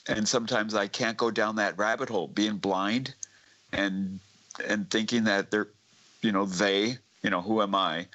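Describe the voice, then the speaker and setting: Casting: male guest, lowish bright voice, halting storyteller. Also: steady tone, muffled recording. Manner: halting, with restarts and fillers. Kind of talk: casual chat, telling a spooky story.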